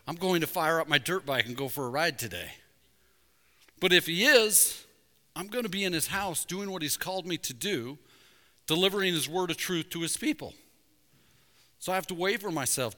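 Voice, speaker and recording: A man preaching a sermon as pastor, conversational with jokes, rising to loud emphasis at points. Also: fairly high pitch. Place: church sanctuary. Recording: reverberant church sanctuary.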